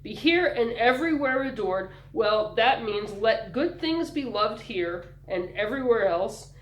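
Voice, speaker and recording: A woman's voice: fairly high pitch, animated, unhurried, roomy sound, slight background noise, voice pushed up, low-quality recording. A woman voicing a kind, patient teenage boy who speaks in a reassuring, thoughtful way.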